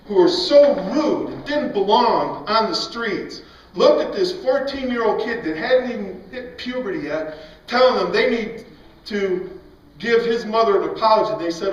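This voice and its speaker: An animated, emphatic man tells stories at a Christian event, often laughing as he goes. His voice sits high for a man. It comes from far off the mic in a big, echoing hall, with a dull sound. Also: moderate pace. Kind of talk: storytelling talk.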